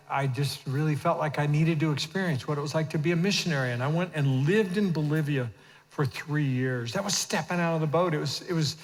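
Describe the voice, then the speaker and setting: High-voiced pastor in a reverberant church. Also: male voice. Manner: animated, swings from hushed asides to shouted emphasis. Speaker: senior pastor. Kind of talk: sermon. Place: church auditorium. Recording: long reverb of a church hall.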